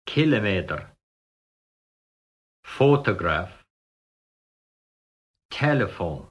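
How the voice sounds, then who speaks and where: A man reads example words one at a time, very slowly. His voice is slightly husky, and his careful delivery is meant for learners to repeat. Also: fairly low pitch, sing-song. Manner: slow, deliberate word-by-word reading. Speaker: pronunciation model speaker.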